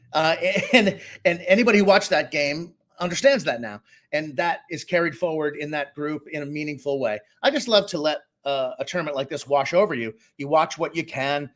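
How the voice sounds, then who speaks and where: A middle-aged man from Boston talks sports on a casual podcast. His voice sits a bit high, and he gives opinionated, animated takes as a co-host.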